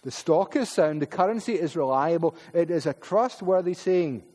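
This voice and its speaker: A Scottish man from Paisley preaches a sermon in church at normal speed, his expressive, darkish-toned voice sitting high for a man. He is emphatic, often repeats words and slips into asides, while a long reverb trails off every phrase.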